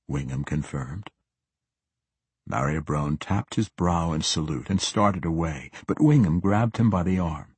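A man narrating a fantasy novel audiobook in a steady, descriptive reading. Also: very deep voice, slow, husky, no echo. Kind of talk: scripted narration.

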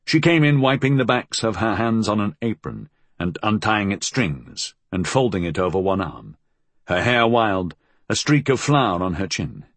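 A male audiobook narrator with a low, husky voice that moves in lively rises and falls through the story. He reads in a measured, expressive way, close and dry with no room sound around him. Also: no echo.

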